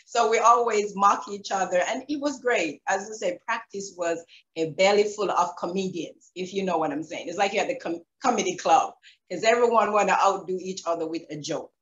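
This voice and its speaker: A woman with a Jamaican accent, a former track athlete telling stories in an interview, animated and laughing, acting out quotes. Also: medium pitch, moderate pace, roomy sound, poor audio. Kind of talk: reflective interview storytelling.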